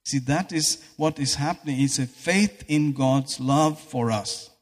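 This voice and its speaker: A man's voice: medium pitch, a little slow. A man preaching a sermon in a church hall, fervent and breaking into exclamations of praise. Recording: echoey hall reverb.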